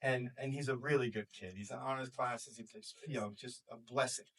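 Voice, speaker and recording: A man's voice: medium pitch, normal speed. A man in his forties from New York with a New York accent, a school counselor talking to a small group and acting out quoted voices. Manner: animated, acts out quoted voices. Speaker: school counselor and life coach. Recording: voice from far off the mic.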